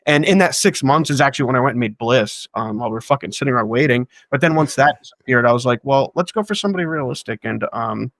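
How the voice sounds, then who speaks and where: Brief: fast, profane man, animated storyteller, dry sound. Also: mid-range voice, gravelly, no echo. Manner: fast, profane, acts out quotes of others. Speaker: guest filmmaker. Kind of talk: casual anecdotal storytelling.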